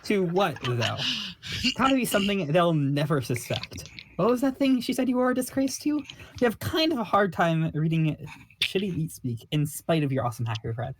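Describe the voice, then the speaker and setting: A man's voice: a little high, animated, fairly quick. A man reading a webcomic aloud with friends, tossing in dry, wry remarks. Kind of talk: casual chat while reading a webcomic aloud.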